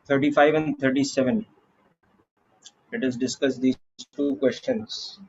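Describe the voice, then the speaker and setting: Husky Indian man teaching physics. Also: medium pitch, steady tone, highs cut off. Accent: Indian English. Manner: slow, deliberate explaining with frequent "okay" checks. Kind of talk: classroom lecture.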